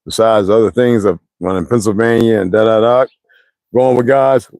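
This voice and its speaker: A man's voice: mid-range voice, lively intonation, moderate pace, a little mellow, dry recording. A man, telling rambling stories in a blunt, profane monologue to his viewers, heavy with slang. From United States. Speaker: streamer ranting to viewers.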